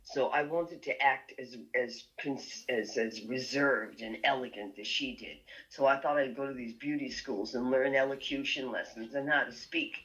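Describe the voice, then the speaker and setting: A woman's voice: very deep voice, normal speed, few pauses, fairly bright tone. Chatty Boston woman, dull lo-fi sound. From Boston area, USA. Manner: chatty, laughs often, restarts sentences. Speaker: guest musician. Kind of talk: casual interview chat. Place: California.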